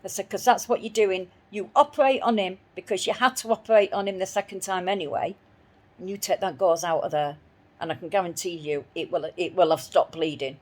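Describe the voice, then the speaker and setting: A woman's voice: fairly low pitch, brisk, a little mellow. A woman telling a personal story in an indignant voice, repeating herself as she replays her arguments. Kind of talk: spoken personal account.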